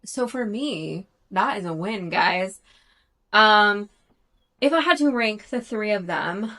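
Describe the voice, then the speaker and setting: A woman's voice: medium pitch, expressive, slow, pushed and bright. A thirty-year-old woman chatting casually in a reading vlog, talkative and self-conscious, with frequent fillers and restarts. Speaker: book vlogger.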